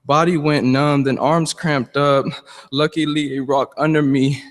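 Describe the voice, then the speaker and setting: A man's voice: fairly high pitch, flat delivery, measured pace. A man at a cafe open mic performing rhyming poetry in a rhythmic, rap-like delivery. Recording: hall reverb from live venue.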